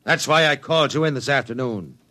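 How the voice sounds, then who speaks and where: A ruthless, curt business tycoon, voiced by a man in a 1950s radio play. He snaps out commands in a clipped, bright, forceful voice, pitched in a plain middle range. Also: a little fast, natural voice. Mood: imperious. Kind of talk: 1950s radio drama acting.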